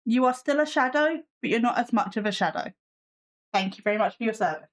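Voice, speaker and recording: A woman's voice: a little high, animated, fast talker. A woman hosting a casual live stream from her desk at home, chatting with viewers and her cat with a sarcastic, self-mocking humor.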